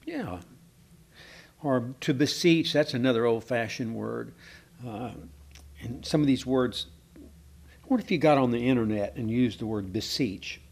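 Gravelly and a little mellow, this medium-pitched preacher speaks at a measured pace and pauses often. With a drawl, he works through scripture conversationally, hesitating over fillers and frequently asking the room for their thoughts.

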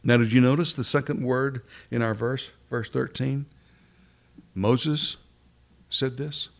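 A man's voice: mid-range voice, steady tone, takes it slowly, vocal fry. A man preaching a sermon in earnest, repeating phrases for emphasis and asking the congregation questions.

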